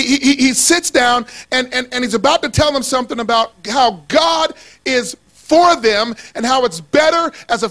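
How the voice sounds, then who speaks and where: A man with a strikingly high voice preaches to a church congregation. His delivery is animated and playful, drawing the room into call-and-response and rising to shouts on key lines. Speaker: pastor. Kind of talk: sermon.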